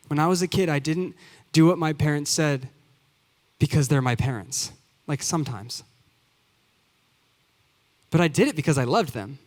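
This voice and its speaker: A man's voice: on the high side, normal speed, long pauses, darkish tone. Young male preacher, emphatic, hall reverb. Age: 20s. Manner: earnest, builds to emphatic repeated phrases. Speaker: youth pastor. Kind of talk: sermon. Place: church sanctuary.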